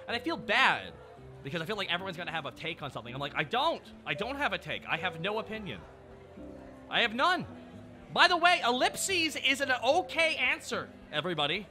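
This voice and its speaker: Sarcastic guy ranting on stream, cusses a lot, high lively voice, faint music behind. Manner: sardonic, profane, ranting. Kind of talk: casual live-stream chat.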